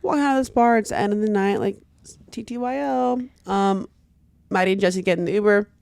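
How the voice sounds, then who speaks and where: A young adult woman co-hosting a podcast, chatting casually with quick asides. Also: mid-range voice, vocal fry, darkish tone, dry recording. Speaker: podcast co-host. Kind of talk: casual chat.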